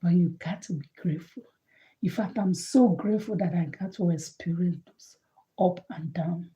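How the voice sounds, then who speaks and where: Woman, motivational monologue, warm mellow tone, earnest and emphatic, repeats her points. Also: lowish voice, moderate pace, dull audio. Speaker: motivational speaker.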